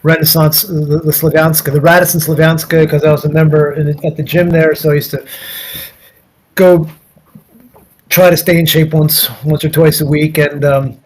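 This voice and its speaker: A man's voice: fairly high pitch, flat delivery, normal speed, slight background noise, poor audio. A man from the United States, an interview guest, telling a long anecdote in a rambling way, full of restarts and quoted dialogue. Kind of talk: casual storytelling.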